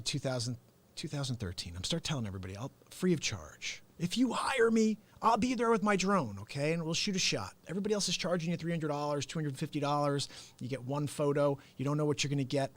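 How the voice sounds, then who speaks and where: A man hosting his own unscripted live-stream talk show. He tells stories with lots of animation, laughs often, speaks straight to his viewers, and slips into comic impressions. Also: a little high. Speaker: host and real estate agent.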